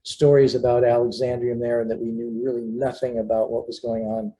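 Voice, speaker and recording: An older man, a research scientist and mentor, telling anecdotes at home in a relaxed, halting interview manner. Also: medium pitch, low-quality recording. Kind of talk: casual storytelling interview.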